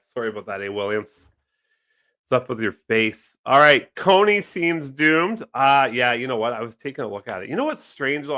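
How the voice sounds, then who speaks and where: A man hosts a casual live stream, rambling and joking as he answers his chat. His voice is bright, and his pitch swings a lot from line to line. He sounds like he is at a home desk with several monitors. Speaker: livestream host.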